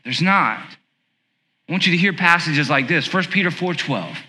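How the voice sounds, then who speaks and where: A man preaching a conversational sermon as pastor, asking rhetorical questions and slowing down on key words. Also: on the high side, expressive, bright, forceful tone. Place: church sanctuary. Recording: long hall reverb.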